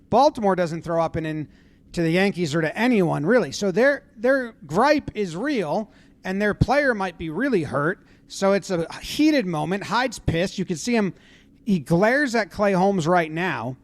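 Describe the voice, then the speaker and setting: High-voiced man breaking down game footage. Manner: animated, acts out players' lines in loud voices. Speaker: commentator breaking down a baseball brawl video. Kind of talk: casual play-by-play commentary.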